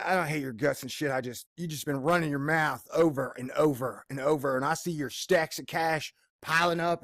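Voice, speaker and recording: A man's voice: fairly high pitch, a bit bright, dry recording, clean studio sound. An American man in a bad mood and in pain, giving a profane, sarcastic editorial rant and mocking others in put-on voices. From United States. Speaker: video blogger.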